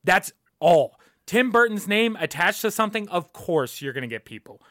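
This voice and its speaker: A man's voice: high voice, very animated, normal speed, sharp tone, no echo, studio quality. A young man hosting a podcast, ranting casually and emphatically, swearing often and repeating his points. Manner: profane, emphatic, repeats himself.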